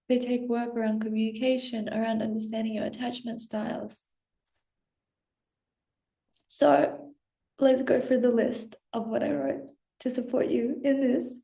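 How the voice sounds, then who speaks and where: A young woman talks to her viewers as a self-help coach, passionate and blunt, with plenty of swearing. Her voice sits fairly high but has a mellow, soft-edged tone. The room around her is echoey. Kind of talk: direct-to-camera motivational talk.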